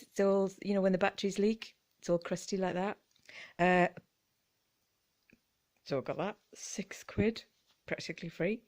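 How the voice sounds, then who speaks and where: A woman's voice: medium pitch, a little mellow. British woman vlogger in a mid-range voice, chatty and giggly, loose unscripted ramble. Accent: British English. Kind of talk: casual chat.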